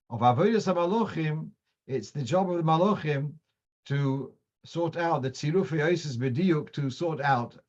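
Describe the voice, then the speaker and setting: A man's voice: medium pitch, a little mellow. Man teaching a Torah class, lo-fi. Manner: explanatory, digressive, uses examples; mixes in Hebrew and Yiddish terms. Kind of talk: lecture on Jewish law.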